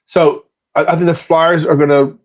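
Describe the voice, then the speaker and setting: A man's voice: a little high, flat delivery, normal speed. Blunt South Jersey man, muffled sound. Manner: blunt, joking. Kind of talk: casual sports talk. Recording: dull lo-fi sound.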